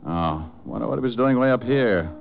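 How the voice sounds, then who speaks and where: A wisecracking private eye. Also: male voice, mid-range voice, expressive, normal speed, creaky. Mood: wry. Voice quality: wry, wisecracking. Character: wisecracking male private detective. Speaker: narrator and lead. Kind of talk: 1940s radio acting. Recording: dull old 1940s radio recording.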